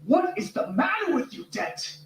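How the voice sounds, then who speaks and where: A man's voice: extremely high pitch, big pitch swings, normal speed, faint music behind. A fed-up sarcastic man. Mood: exasperated. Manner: sarcastic, exasperated. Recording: roomy, distant clip audio.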